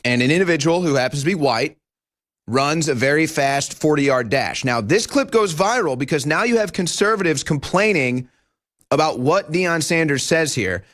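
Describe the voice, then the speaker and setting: In a broadcast studio, a man hosting a talk show delivers an animated political commentary monologue packed with emphatic rhetorical questions. His voice is a little high and he speaks at normal speed.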